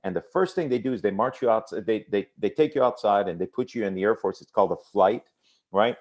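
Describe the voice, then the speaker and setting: A man's voice: fairly low pitch, fast talker, lo-fi sound. A man presenting a motivational business training, talking straight to his audience and repeating key phrases. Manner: energetic, repetitive, addresses audience directly. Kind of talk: motivational sales training talk.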